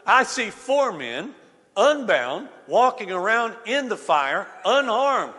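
A proud ancient king exclaims and gives orders, as a preacher reads him aloud. The voice is high and bright, swinging widely in pitch. A long reverb fills the hall around it. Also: very animated, takes it slowly, full character voice. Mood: amazed. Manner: exclaiming, commanding.

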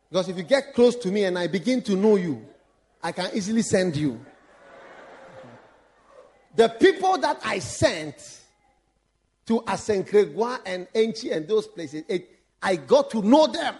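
A man preaching a sermon as a bishop, animated, breaking into laughs and shouts for emphasis. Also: high-pitched.

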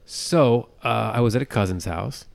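A man's voice: mid-range voice, normal speed, vocal fry. A man co-hosting a podcast in casual chat, telling rambling stories and often checking in with "you know what I'm saying". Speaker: podcast co-host.

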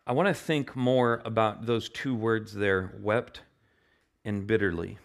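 A male pastor preaching a sermon in an earnest way, often repeating and restarting his phrases and growing impassioned at his high points. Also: steady tone, measured pace, gravelly. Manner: turns impassioned and louder at climaxes.

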